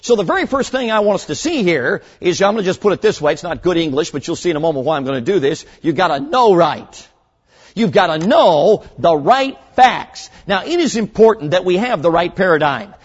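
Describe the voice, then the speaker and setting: Male preacher, sermon, earnest and emphatic, lively pitch, muffled sound, long hall reverb. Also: husky. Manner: earnest, emphatic, stresses key words slowly; tells stories with short acted voices.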